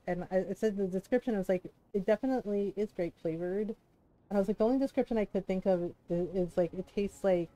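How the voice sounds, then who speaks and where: A middle-aged woman streaming a video game, chatting casually in an animated, storytelling way and laughing often. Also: mid-range voice. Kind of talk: casual chat while playing.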